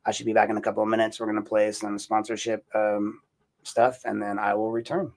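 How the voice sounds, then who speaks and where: A man with a raspy, deep voice hosting an opinionated solo podcast, talking in an indignant, rambling way and repeating himself. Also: level tone, brisk. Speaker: podcast host.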